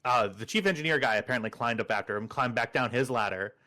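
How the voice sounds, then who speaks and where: A man's voice: mid-range voice, fast. A man chatting casually before a tabletop game, telling a story and acting out what other people said. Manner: animated storyteller, acts out other people's lines. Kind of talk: casual pre-game banter.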